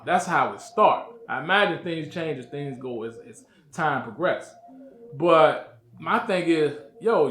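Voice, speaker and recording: A man's voice: on the high side, fairly bright tone, echoey room, a little hiss or hum. A man hosting his own channel, giving a casual, slangy episode review and talking straight to his viewers.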